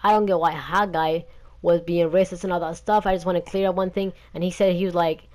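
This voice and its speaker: A man's voice: high voice, flat delivery, a little fast, a little mellow. A young man hosting a gaming channel, talking in a rambling, indignant and defensive rant.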